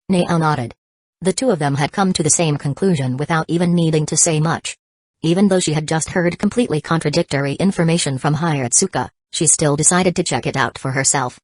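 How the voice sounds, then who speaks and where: A woman narrating an audiobook in a low voice. Her reading is even and unhurried, with uneven pauses. The sound is dry and close. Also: no room sound.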